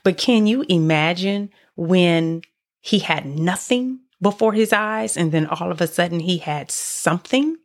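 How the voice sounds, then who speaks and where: A woman's voice: on the low side, animated, unhurried. A woman hosting a podcast, giving an earnest devotional teaching and telling a story expressively, often restarting her phrases. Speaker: podcast host teaching on faith.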